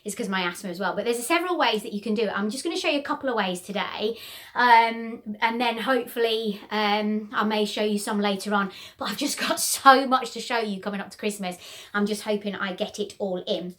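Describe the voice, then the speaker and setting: A woman's voice: mid-range voice, brisk, a bit bright. A middle-aged woman hosts a casual DIY craft tutorial, talking in a bubbly, rambling way with frequent ums. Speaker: host of a home crafts channel.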